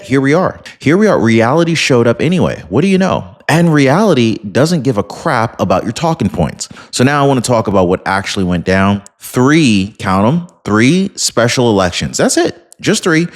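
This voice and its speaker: Male commentary host, sarcastic, pitch jumps all over, talks to the viewer. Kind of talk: casual political commentary monologue.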